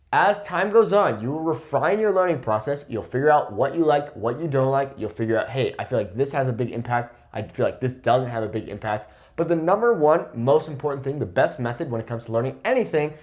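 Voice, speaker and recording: A man's voice: medium pitch, fairly quick. A man in his twenties, a Spanish teacher, talking casually to camera and often checking in with "okay?". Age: 20s. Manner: lively, emphatic, repeats "okay?" to check in. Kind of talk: casual talking-head lesson.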